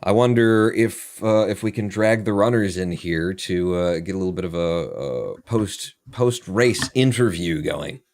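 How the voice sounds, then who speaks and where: A man's voice: deep voice, a little slow, few pauses, darkish tone. A man commentating a speedrun race live, chatty and laughing often, with many fillers. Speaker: tournament commentator.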